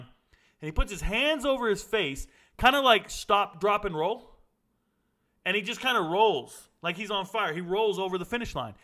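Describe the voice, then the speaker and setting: A middle-aged man casually telling a blunt, animated story as host, cursing now and then. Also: sits high.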